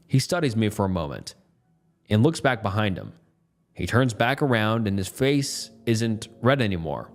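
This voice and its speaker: A man's voice: lowish voice, expressive, normal speed, soft background music. A man narrating a first-person story in a tense, matter-of-fact way.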